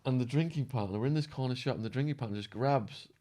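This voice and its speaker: A man guest on a podcast, telling a wild story with lively acted-out quotes, swearing and laughing along the way. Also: mid-range voice, fast talker. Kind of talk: animated storytelling.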